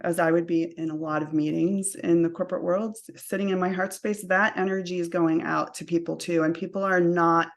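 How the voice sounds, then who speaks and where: A woman speaking as a coaching guest in a casual interview, talking in a relaxed way with many "you know" and "um" fillers. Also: on the low side, a little fast, hardly any pauses. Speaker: guest, energy and career coach.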